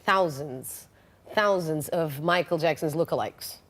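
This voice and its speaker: A woman's voice: sits low, measured pace. A woman host with a Portuguese accent interviewing a guest, enthusiastic and stumbling over her words. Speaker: talk show host. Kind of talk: casual interview.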